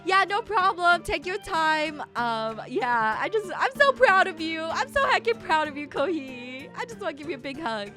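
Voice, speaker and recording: High, animated woman streamer. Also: normal speed, hardly any pauses, faint music behind. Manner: animated, indignant outbursts, chatty with viewers. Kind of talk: live game stream reading dialogue and reacting.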